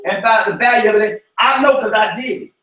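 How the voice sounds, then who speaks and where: A man leading an informal Bible study, talking in an animated, preachy way that breaks into shouts. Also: sits high, a little fast. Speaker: cell group teacher. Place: church room. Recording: echoey room from far off.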